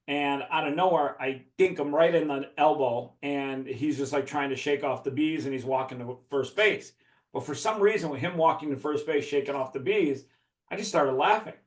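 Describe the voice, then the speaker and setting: A man from the Chicago area telling a profane story in a casual chat, laughing as he talks. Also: fairly high pitch. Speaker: podcast guest. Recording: echoey room.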